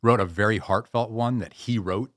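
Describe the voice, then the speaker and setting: A man being interviewed as a posture expert, telling stories in an animated way with many restarts. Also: lowish voice, moderate pace, dry recording, studio quality. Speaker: guest, posture and pain-relief expert. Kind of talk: podcast interview.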